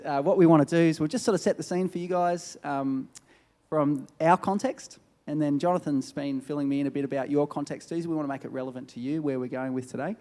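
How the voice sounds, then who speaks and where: A middle-aged man giving a sermon as a guest speaker, telling a story with lively acted-out voices. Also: fairly high pitch, no echo. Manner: animated storyteller, acts out quoted people.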